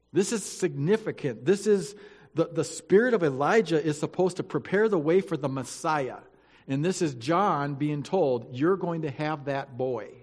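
A man teaching a Bible lesson, reading scripture aloud and stopping to comment with playful asides. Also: a little high. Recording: long hall reverb.

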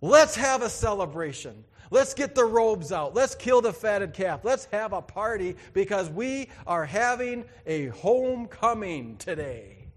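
A male pastor preaching a sermon, swinging between loud exclamations and quiet emphasis and acting out quoted voices. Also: high-pitched, very animated, a little slow, hardly any pauses, long reverb tail.

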